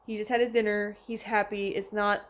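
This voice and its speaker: A woman's voice: medium pitch, flat delivery, a little fast. A young woman chatting casually to camera at home, talking to her cats between thoughts. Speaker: vlogger. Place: at home, indoors.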